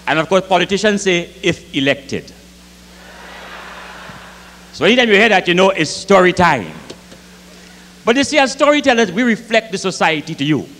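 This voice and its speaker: A Grenadian man doing comic storytelling onstage at a live concert, lively and rich in dialect, acting out the voices in his tales. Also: high voice, fast. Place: concert hall with audience. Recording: live concert hall reverb, faint ambience.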